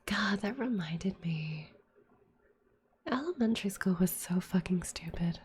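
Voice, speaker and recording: A woman's voice: mid-range voice, animated, unhurried. Woman streamer, sick, whispered ASMR chat, rambling and profane, faint hiss behind. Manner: whispering, casual and rambling with heavy swearing.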